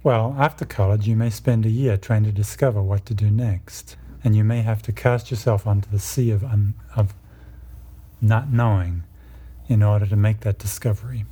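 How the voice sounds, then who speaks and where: A man with a very dark, mellow and somewhat husky voice, speaking in a low register. He lectures in a measured, explanatory way, walking listeners through ideas step by step. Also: steady tone. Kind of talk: lecture on myth and psychology.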